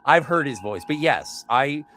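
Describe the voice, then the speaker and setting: A man chatting casually as a podcast co-host, animated, often slipping into quoted voices. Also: medium pitch, a little slow, slight background noise. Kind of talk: casual conversational chat.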